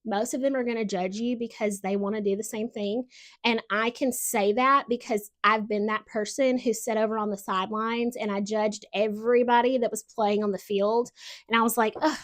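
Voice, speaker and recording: A woman hosting a podcast, giving casual motivational talk in a chatty way, full of "like" and lively asides. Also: a little high, normal speed. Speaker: podcast host.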